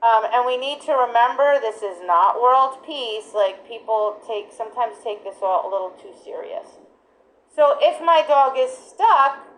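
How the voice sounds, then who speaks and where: A woman's voice: a little high, expressive, unhurried, fairly bright tone, low-quality recording. A woman giving a dog training lesson in an emphatic, direct way, often checking in with "right?". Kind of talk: instructional talk.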